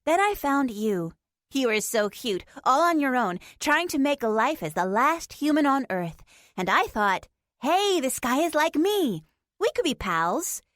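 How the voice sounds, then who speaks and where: A woman's voice: high voice, sing-song, unhurried, fairly bright tone, dry recording, studio quality, pitched above the performer's own voice, exaggerated voice. A woman voicing a cheeky, blunt young female pixie in an audiobook, talking playfully and bluntly. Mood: fond. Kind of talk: audiobook character voice.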